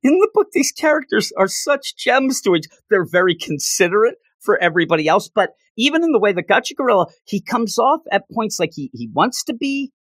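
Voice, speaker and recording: A man with a slightly raised voice chats casually on a podcast, retelling a comic chapter. His pitch swings widely as he acts out the characters' lines. The recording is dry and close, with no room sound. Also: a little fast, hardly any pauses, no echo. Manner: animated storyteller acting out characters' lines. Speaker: podcast co-host. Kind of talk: casual chat recapping a manga chapter.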